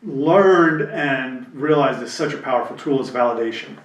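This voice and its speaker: A man's voice: mid-range voice, expressive, normal speed, distant mic. A man from New Jersey chatting candidly and reflectively, acting out quoted voices as he tells stories. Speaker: podcast co-host. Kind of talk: casual chat. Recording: roomy, mic set back.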